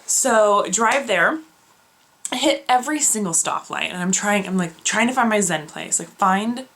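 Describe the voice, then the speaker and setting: A woman's voice: medium pitch, a little slow, a little hiss or hum. Young woman vlogging a storytime, chatty, lots of likes and ums, bursts into little acted whispers. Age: young adult. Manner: animated storytelling, acting out quoted whispers and voices; frequent filler words and self-corrections. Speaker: beauty vlogger.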